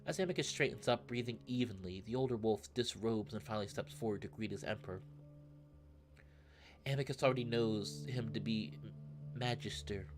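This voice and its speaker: A man reading a visual novel aloud in steady narration, breaking into excited asides. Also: lowish voice, fairly quick. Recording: narration over loud game music. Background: background music.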